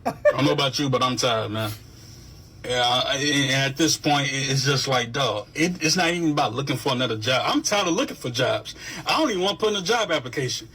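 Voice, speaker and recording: A man's voice: mid-range voice, lively intonation, a little fast, pushed and bright, breathy edge. A man venting casually to camera in a weary, repetitive way, sometimes laughing at himself.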